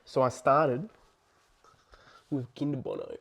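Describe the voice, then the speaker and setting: A young man tells a story to camera in casual, profane talk, swinging from loud outbursts to hushed asides. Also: medium pitch, wildly swooping pitch, slow pace, creaky, breathy edge. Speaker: vlogger.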